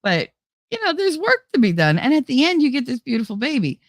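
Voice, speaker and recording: A woman's voice: high-pitched, huge pitch swings, a little fast, dry recording, clean studio sound. A woman hosting a livestream, chatting casually with her viewers in a blunt, outspoken way and swearing freely. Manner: blunt, swears freely, talks straight to chat. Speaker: livestream host reading chat. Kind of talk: casual chat.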